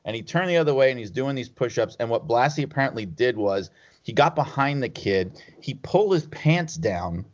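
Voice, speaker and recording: A podcast guest with an expressive, mid-range voice and moderate pace tells stories in a casual chat, rambling and laughing through his anecdotes. The recording has a slightly dull, lo-fi sound.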